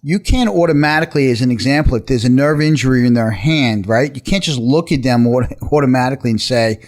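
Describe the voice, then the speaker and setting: A man hosting a talk radio show from a studio, an attorney who talks briskly and upbeat, often over his guests. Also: medium pitch. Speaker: radio show host, personal injury attorney.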